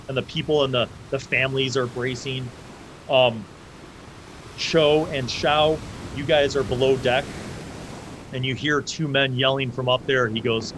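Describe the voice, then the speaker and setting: A man runs a tabletop adventure as game master, painting scenes in loose, vivid descriptions. His voice sits at an everyday middle pitch. Faint noise hums in the background. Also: fairly even intonation, normal speed. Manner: vivid, loose descriptions that act out side characters.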